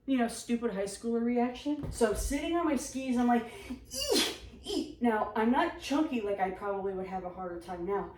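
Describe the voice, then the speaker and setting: A woman telling funny personal stories in a casual, animated, self-mocking way. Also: on the high side, a little fast, few pauses, recorded from a distance, slight background noise. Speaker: storyteller. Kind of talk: casual storytelling. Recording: echoey room.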